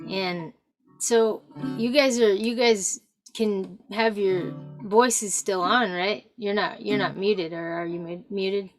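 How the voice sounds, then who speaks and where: A woman musician chatting casually on a video call, halting and low-key, her voice trailing off quietly. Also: fairly even intonation, faint music behind. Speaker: musician guest. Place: home, Texas.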